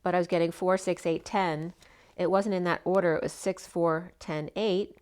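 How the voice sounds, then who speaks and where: Casting note: woman tarot reader, slightly hoarse, lowish voice, rambling and chatty. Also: steady tone, normal speed, darkish tone. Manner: chatty, meandering, full of asides. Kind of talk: casual spoken tarot reading.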